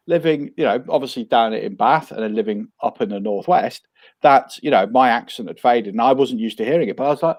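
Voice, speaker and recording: A man from Coventry, a crime author, telling a lively anecdote in casual conversation and jumping his pitch up when quoting himself. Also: fairly quick, dry recording. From Coventry, England. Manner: animated storyteller, jumps high when quoting himself.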